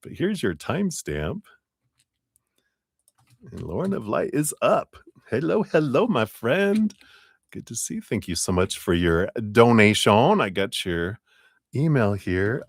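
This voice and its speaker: Man, tarot reader on a live stream, low voice, lively swoops, unhurried, giggly, dry room. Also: dry recording. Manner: bubbly, giggly, sing-song vocal sounds.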